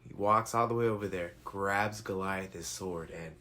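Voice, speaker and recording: A man's voice: low voice, normal speed, pushed and bright. A man retelling a Bible story in a laid-back, slangy, casual way with lots of fillers.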